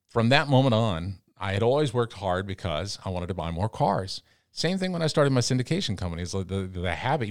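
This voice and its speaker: A middle-aged man from the Amarillo, Texas area, a radio broadcaster, telling animated stories full of quoted dialogue as a guest in an interview. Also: lowish voice, dry recording, studio quality. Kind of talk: casual storytelling.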